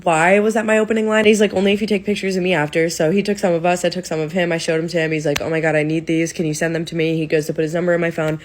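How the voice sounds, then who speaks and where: A woman's voice: fairly low pitch, little pitch movement, very fast, hardly any pauses. A young adult woman telling a personal dating story in a chatty, blunt way, swearing freely. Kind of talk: casual storytelling.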